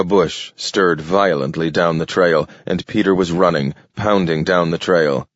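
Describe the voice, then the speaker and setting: An audiobook narrator with a deep voice reads a scripted story in a measured, steady way. The recording is dull, lo-fi and dry.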